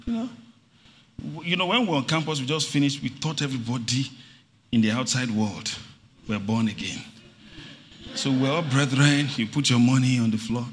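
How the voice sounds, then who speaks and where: A man's voice: mid-range voice, a little hiss or hum. A middle-aged man preaching a sermon, calling for responses and acting out little stories. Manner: animated preaching with call-and-response and acted anecdotes. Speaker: pastor. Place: church hall. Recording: reverberant church hall.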